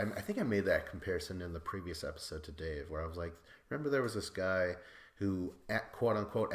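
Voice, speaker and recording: Rambling man in an echoey room. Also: low voice. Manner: rambling, profane, self-deprecating, laughs often. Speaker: podcast host. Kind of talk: casual recap chat.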